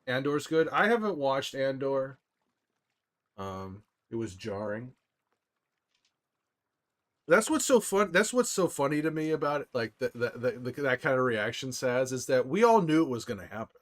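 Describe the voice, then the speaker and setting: A man livestreaming casually to his viewers, rambling excitedly with frequent restarts and laughs. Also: mid-range voice, normal speed. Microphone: desktop microphone.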